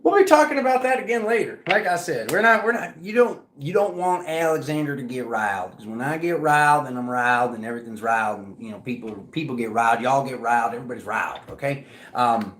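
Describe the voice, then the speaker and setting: A man giving a casual tarot reading to his viewers, chatty and animated, often checking in with "okay?". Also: on the high side, echoey room, a little hiss or hum. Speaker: tarot reader.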